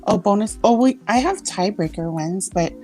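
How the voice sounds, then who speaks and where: A woman's voice: mid-range voice, animated, moderate pace, darkish tone, soft background music. A woman hosting a casual quiz chat on a livestream, laughing often and reading out answers from the chat. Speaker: host.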